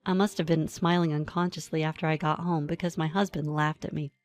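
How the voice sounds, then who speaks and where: Calm woman narrating a story. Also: sits low, a little fast. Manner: calm, even storytelling with dry asides. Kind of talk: first-person story narration.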